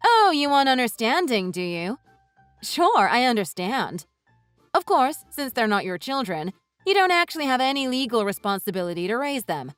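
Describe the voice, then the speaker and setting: A woman voicing a furious wife in a text-message story, who talks in a sharp, sarcastic, cutting way. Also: a little high, sing-song, moderate pace, clear, resonant tone, no echo, faint music behind. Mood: scornful. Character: furious wife confronting her in-laws.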